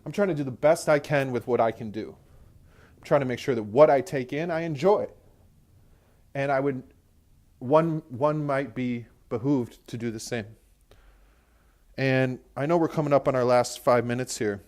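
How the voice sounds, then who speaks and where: A man's voice: medium pitch, moderate pace, pauses often, darkish tone. Young guy ranting on his podcast in the car, cussing nonstop, rambly. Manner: profane, ranting, heavy swearing. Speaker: podcast host. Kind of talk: rambling casual monologue. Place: in a car while driving.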